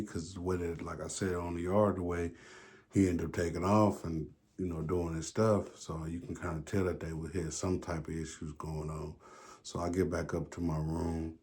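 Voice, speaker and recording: A man's voice: deep voice, darkish tone, slightly rough. A man telling a story in a loose, casual way, swearing freely and acting out the back-and-forth of conversations. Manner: loose, profane retelling full of quoted back-and-forth.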